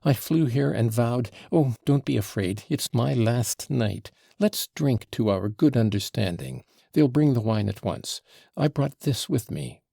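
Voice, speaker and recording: A man's voice: medium pitch, expressive, measured pace, vocal fry, warm tone, no room sound, studio quality, pitched above the performer's own voice. A man reading an audiobook, voicing an emotional young man who speaks in wild, exclamatory outbursts.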